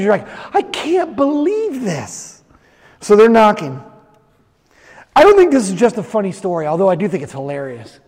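A pastor with an extremely high, darkish voice preaches a sermon, acting out the voices in a story before turning to address the congregation directly. The long reverb of a large hall surrounds him.

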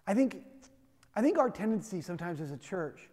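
A man's voice: sits high, big pitch swings, fairly quick, dark tone, big-room sound. A man preaching a sermon in a conversational, emphatic way, with self-deprecating humor. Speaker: pastor.

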